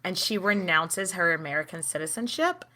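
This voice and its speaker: Bright, animated woman podcast host. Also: lowish voice, moderate pace. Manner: animated storytelling, swears freely. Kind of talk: casual chat.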